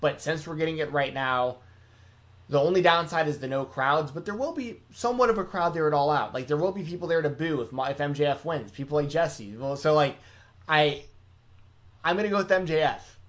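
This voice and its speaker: A man's voice: fairly high pitch, a little fast, a bit bright. A man in a casual podcast chat about wrestling, often stammering and restarting his sentences. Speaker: podcast co-host.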